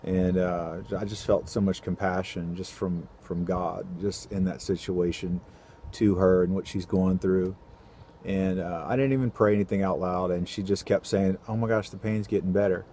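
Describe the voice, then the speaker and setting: A man telling a personal faith story to camera, earnest and halting, with many fillers and restarts. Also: sits low, fairly even intonation, mellow, a little hiss or hum. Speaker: ultrasound technician sharing a faith story. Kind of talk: casual testimony to camera.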